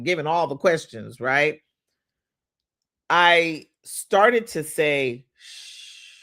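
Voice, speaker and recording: A woman's voice: sits low, a bit bright. A woman life coach giving a playful motivational talk, laughing often and shushing for emphasis.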